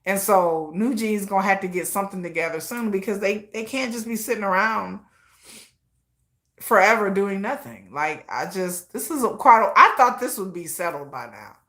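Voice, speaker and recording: Bright-voiced woman gossiping on a live stream. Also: medium pitch, moderate pace. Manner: animated, laughing often, slangy and gossipy. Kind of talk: casual commentary live stream.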